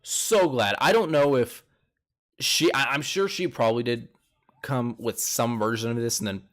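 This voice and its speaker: A young man hosts a show recap, casually and animatedly retelling a TV episode's events. He speaks at a moderate pace in a slightly bright voice, jumping up in pitch when he quotes people.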